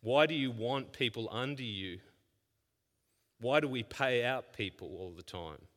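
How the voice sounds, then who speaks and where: A man preaching a sermon as pastor, firing rhetorical questions and moving between hushed scripture reading and loud emphasis. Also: mid-range voice, expressive, a little slow. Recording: long hall reverb.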